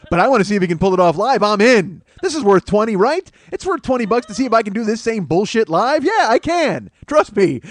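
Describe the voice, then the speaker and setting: A middle-aged man hosting a solo comedy podcast, rambling and profane, breaking into loud mock voices. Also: sits high. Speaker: comedian host.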